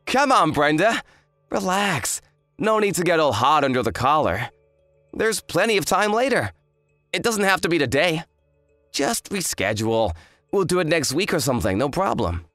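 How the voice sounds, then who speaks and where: A man's voice: on the high side, sing-song, moderate pace, a bit bright, no room sound, studio quality, soft background music. A man voicing an arrogant, hungover young fiancé who talks in a smug, dismissive drawl. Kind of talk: dramatized story voice acting.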